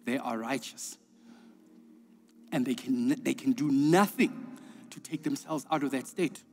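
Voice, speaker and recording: A man preaching a sermon as pastor. He speaks emphatically, repeats words, and swings between hushed lines and urgent preaching. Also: mid-range voice, measured pace. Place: church auditorium. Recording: long reverb of a large hall.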